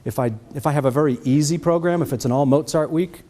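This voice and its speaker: Man, middle-aged, Boston accent, relaxed mellow tone, conversational teacher. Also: on the high side, quick pace. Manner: conversational, checks in with "okay?". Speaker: trumpet teacher giving a master class. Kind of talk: master class teaching, answering questions.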